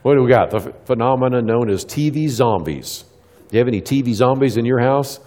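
Mellow-voiced middle-aged man giving a church talk. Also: medium pitch, animated, long reverb tail. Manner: asks the audience questions and answers them himself; acts out quick little dialogues with kids. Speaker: Christian speaker. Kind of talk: church talk to a live audience.

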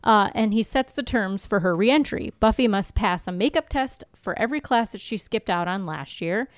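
Woman podcast cohost reading tv recaps, smooth clear voice, dry close mic. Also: mid-range voice, moderate pace, dry recording. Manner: reads scene summaries aloud, animated asides. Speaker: podcast co-host. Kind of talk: casual chat recapping TV episodes.

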